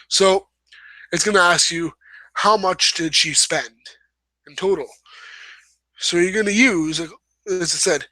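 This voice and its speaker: In a casual writing lesson, a young male host rambles, corrects himself and slips in apologetic asides. His pitch is on the high side and his tone sharp, delivered at a measured pace with long pauses. The recording is rough, with no room sound.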